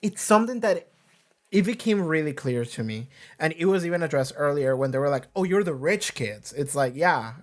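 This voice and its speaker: Animated rambling man reacting to an episode. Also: fairly high pitch, moderate pace. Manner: rambling, animated, frequent restarts and swearing. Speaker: reaction video host. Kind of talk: casual reaction commentary.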